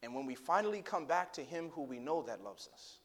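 Male pastor, high voice, storytelling sermon, swings from quiet to impassioned, asks the congregation questions. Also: expressive, a little fast. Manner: swings from hushed storytelling to loud impassioned preaching; addresses congregation directly with rhetorical questions.

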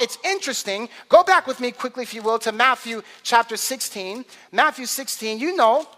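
High-pitched male preacher in a reverberant hall. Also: animated, moderate pace, hardly any pauses. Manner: dramatic, swings from low murmurs to loud climaxes. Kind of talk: sermon.

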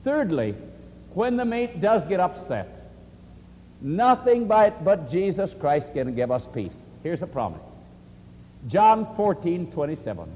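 A man preaching and answering questions, earnest and animated, often quoting scripture. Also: high voice, a little slow, in a large hall, a little hiss or hum. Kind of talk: sermon-style question and answer.

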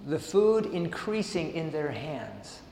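Man, preacher, high voice, lively pitch, echoey hall, sermon with casual asides. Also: slow, slight background noise. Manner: reads passages then riffs casually with laughs and asides. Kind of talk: sermon reading and commentary. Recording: roomy hall with long reverb.

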